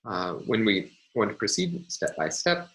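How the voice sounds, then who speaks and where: A man's voice: fairly low pitch, sing-song, a little slow, fairly bright tone, poor audio. A man lecturing step by step in a recorded university class, methodical and hesitant, with frequent ums and uhs.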